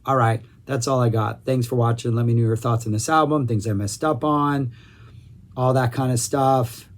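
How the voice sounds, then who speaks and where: A man's voice: medium pitch, fairly even intonation, normal speed. A man with a mid-range voice hosts a casual music review. He talks with rambling enthusiasm and often stops to correct himself before pushing on.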